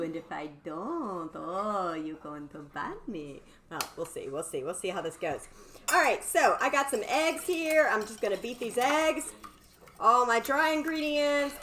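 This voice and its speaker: A woman's voice: mid-range voice, expressive, normal speed, a bit bright, a little hiss or hum. A bubbly, chatty woman hosts a live cooking stream from her home kitchen and talks to her viewers. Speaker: cooking livestream host.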